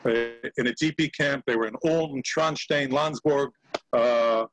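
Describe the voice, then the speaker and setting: A man's voice: mid-range voice, unhurried, poor audio. An older man on a video call, a Yiddish actor and singer, talking casually with many fillers and hesitations. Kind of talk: casual video-call chat with sung comic song.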